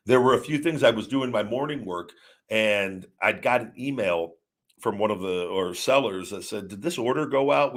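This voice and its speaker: A man's voice: on the low side, fairly bright tone. A man in his forties hosting a live show, chatting casually and rambling through a story with many restarts and self-corrections. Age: 40s. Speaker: show host. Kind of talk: casual live-stream chat.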